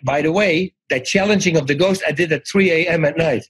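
Appearing as a guest in a relaxed interview, a middle-aged man from the Netherlands speaks with a Dutch accent in a husky voice that sits a little high. He talks fairly quickly, telling lively stories where he performs quoted lines and frequently starts sentences over. The recording quality is low.

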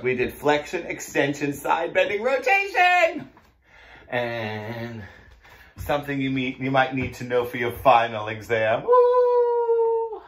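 A man's voice: a little high, a bit bright. A man with a Boston accent cueing a mat Pilates class, playful and jokey as he counts through the moves. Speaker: Pilates instructor.

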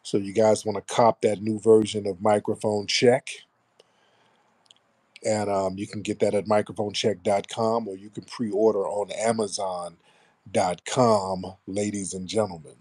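A man's voice: fairly low pitch, flat delivery, unhurried, darkish tone. A man hosting a casual live stream, talking bluntly and sarcastically about the news. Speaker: host.

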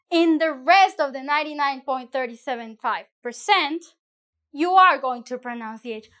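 A Spanish teacher whose first language is Spanish gives a casual online language lesson in a high, bright voice. She's chatty and playful, tossing in asides, with lots of fillers and restarts.

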